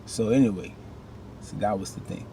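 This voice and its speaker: Animated man recapping a TV episode. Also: fairly low pitch, normal speed, slight background noise. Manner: animated, talks back to characters with rising outbursts. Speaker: TV recap vlogger.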